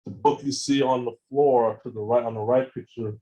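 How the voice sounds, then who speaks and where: A man speaks at a seminar, telling his story with animated energy. His voice is mellow and warm, and he acts out both sides of phone calls. He stumbles over words and repeats them often. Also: medium pitch, normal speed, muffled recording. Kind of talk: storytelling talk with slides.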